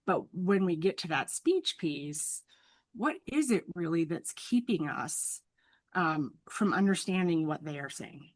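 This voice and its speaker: A woman's voice: on the low side, lively intonation, unhurried, no room sound. A woman speech-language pathologist, a guest on an interview, explaining in an earnest, teacherly way and often checking in with "right?". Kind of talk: explanatory professional conversation.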